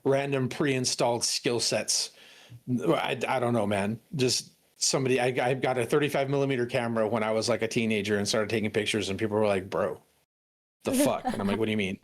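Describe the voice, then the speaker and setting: A man's voice: medium pitch, steady tone, quick pace. A young adult man chatting casually on a stream, rambling through stories with many restarts and bursts of laughter. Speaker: stream co-host. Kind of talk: casual chat.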